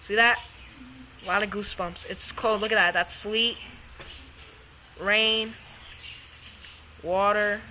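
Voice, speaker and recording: Excitable amateur weather vlogger, woman; unhurried, filler-heavy, outdoors. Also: medium pitch, slight background noise, poor audio. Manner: rambling, excitable, halting with many fillers. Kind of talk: casual storm vlog. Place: outdoors during a storm.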